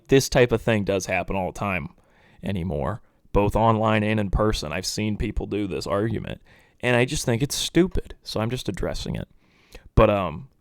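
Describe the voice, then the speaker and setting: A young man with a somewhat low voice talks through a casual solo sports podcast, rambling from point to point with animated swings. The sound is close and dry, with no room around it. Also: clear, resonant tone, no echo. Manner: rambling, animated, mocking impressions of pundits. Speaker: podcast host.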